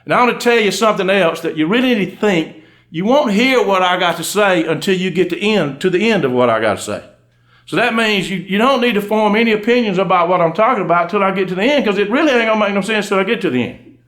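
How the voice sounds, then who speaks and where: A man's voice: sits high, lively intonation, fast, fairly bright tone. A man with a Georgia accent telling comic stories on stage before a live audience, in a folksy drawl with asides to the crowd. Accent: Southern US, Georgia. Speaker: undertaker and storyteller.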